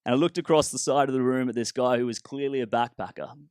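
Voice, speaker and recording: A man telling a story with a casual, self-deprecating humour. His voice sits at a middle pitch and comes across smooth and resonant. The sound is close and dry. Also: fast talker, a little mellow, no echo. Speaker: startup founder and speaker. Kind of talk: humorous personal storytelling talk.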